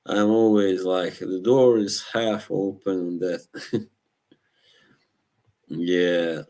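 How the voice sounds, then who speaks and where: Low-voiced man, slow rambling live chat. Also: steady tone, warm tone. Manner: rambling, laughs often at his own stories; halting, searches for words. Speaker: live stream host. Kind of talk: casual chat reacting to live chat.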